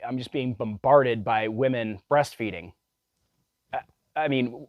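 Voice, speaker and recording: A man's voice: medium pitch, no echo. A man ranting in a casual vlog monologue, blunt and profane, rambling with many restarts. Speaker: vlogger.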